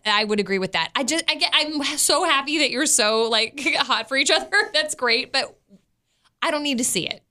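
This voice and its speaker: A woman co-hosting a casual chat show, animated and opinionated, laughing often. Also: sits high, moderate pace. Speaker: co-host.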